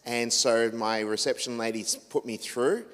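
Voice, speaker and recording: A man's voice: medium pitch, steady tone, moderate pace, fairly bright tone, clean tone. A man with an Australian accent, a radio host giving a chatty, rambling talk to a church audience with many fillers and restarts. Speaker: radio host and guest speaker. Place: church hall. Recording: reverberant church hall.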